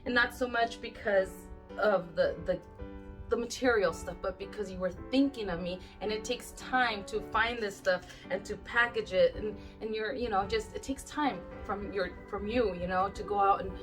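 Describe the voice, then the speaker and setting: A woman's voice: mid-range voice, moderate pace, over music. A woman vlogging as she opens mail from viewers, gushing and exclaiming, teary-eyed and close to crying. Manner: gushing, exclaims and gasps often. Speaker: YouTube crafter opening friend mail. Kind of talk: casual vlog chat.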